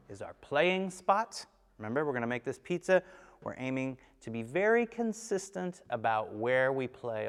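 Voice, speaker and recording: A man with a smooth, medium-pitched voice teaches a timpani lesson in a large hall. He explains patiently as he demonstrates, counting beats aloud and checking in with "okay?"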